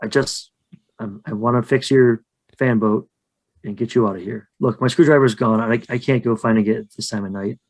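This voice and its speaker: A man's voice: mid-range voice, fairly even intonation, normal speed, close to an everyday voice. A man voicing a shy, huge, hairy male skunk ape who lives in a swamp cave, talking in a flustered, rambling, hesitant way. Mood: awkward.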